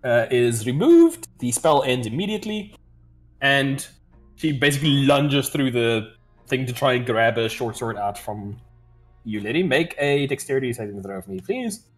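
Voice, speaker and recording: A man runs a tabletop game in a loose, casual way, laughing often and swearing now and then. His voice sits at a middle pitch, with faint music playing under the talk. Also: big pitch swings, moderate pace. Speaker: game master.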